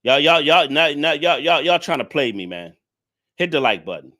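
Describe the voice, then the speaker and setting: A man's voice: fairly high pitch, normal speed, pushed and bright. A man hosting a livestream, scolding his viewers in a preachy, repetitive rant. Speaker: livestream commentator. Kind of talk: ranting livestream commentary.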